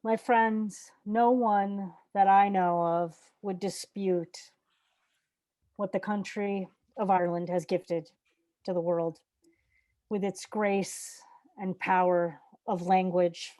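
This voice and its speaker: Very slow-spoken woman introducing poets. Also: mid-range voice, steady tone, no echo. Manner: slow, measured and warm-worded. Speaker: event host introducing poets.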